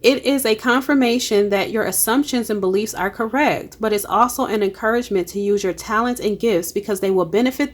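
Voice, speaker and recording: A woman's voice: medium pitch, a little fast, hardly any pauses. Woman doing a card reading for her viewers, hyped and encouraging, lots of exclamations. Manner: emphatic, encouraging, exclamatory, uses colloquial speech. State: emotional. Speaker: spiritual card reader. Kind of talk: casual tarot-style energy reading.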